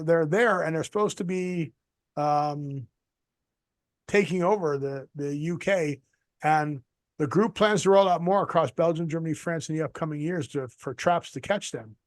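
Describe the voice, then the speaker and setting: A man with a somewhat high voice chats casually as co-host over a video call. He rambles through his points and drops deadpan jokes. The sound is close and dry, with no room around it. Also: a little slow, no echo. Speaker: podcast co-host.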